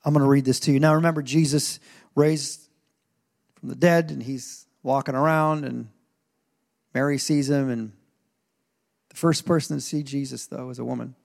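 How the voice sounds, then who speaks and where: A man who is a pastor, preaching a sermon in an animated way with asides and rising intensity. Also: medium pitch, moderate pace, vocal fry, long pauses. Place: church stage.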